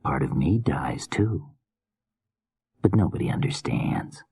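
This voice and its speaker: Whispered role-play, a man doing a slurred obsessive killer, very deep husky hush, dry close sound. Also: lively intonation, a little slow, dry recording, heavily acted. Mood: weary. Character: unhinged male killer filmmaker, weary and obsessive.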